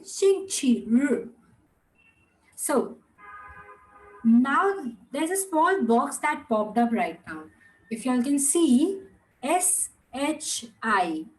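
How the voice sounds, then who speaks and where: In a low-quality recording, a high-voiced woman teaches an online Mandarin lesson, drawing each word out slowly as model pronunciation for repeat-after-me drills. She also slips into asides in Hindi and Gujarati.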